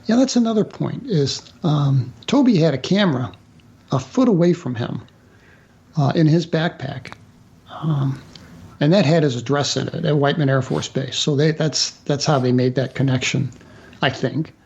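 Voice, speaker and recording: A man telling a personal story as a guest author in a radio interview, halting with fillers and restarts. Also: a little high, a little mellow, lo-fi sound.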